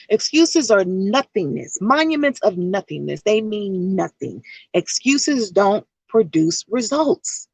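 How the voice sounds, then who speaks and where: A woman's voice: mid-range voice, expressive, a little slow, husky, no room sound, low-quality recording. A woman life coach giving a motivational vlog talk, emphatic, with a repetitive, preaching cadence.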